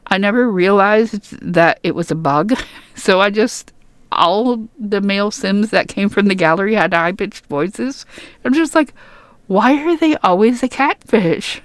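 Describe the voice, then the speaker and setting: A woman's voice: medium pitch, unhurried, clean tone, no room sound. A young woman reading game patch notes aloud and rambling between them in casual, chatty commentary full of fillers and restarts. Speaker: gaming YouTuber.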